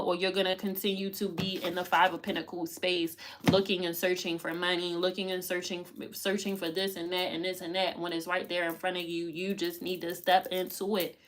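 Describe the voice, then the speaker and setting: A woman's voice: on the low side, little pitch movement, moderate pace, hardly any pauses, a bit bright. A woman giving a live tarot reading, talking in emphatic, repetitive, slangy bursts full of profanity and pep-talk urging. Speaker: tarot reader.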